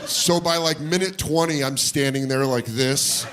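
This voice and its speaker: In no hurry, a male stand-up comedian spins a tale onstage at a comedy club, throwing his voice up and down to play the different characters. Laughter from the audience keeps the background noisy.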